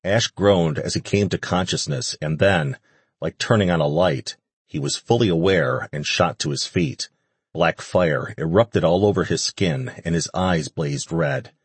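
A man reading a fantasy audiobook in steady scripted narration. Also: low voice, a little slow, husky, no echo.

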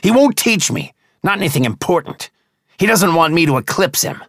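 A male narrator voicing a defiant young male apprentice held prisoner, bitter and angry, in a gravelly, husky voice. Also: fairly high pitch, expressive, moderate pace, fairly bright tone, dry recording, clean studio sound, voice pushed up, heavily acted. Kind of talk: audiobook character voice.

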